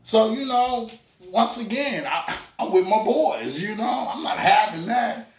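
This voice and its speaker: A man's voice: sits high, lively intonation, a little slow. A man in doing a stand-up comedy set, loose and chatty, with lots of fillers and asides to the crowd. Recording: roomy club sound from a distance.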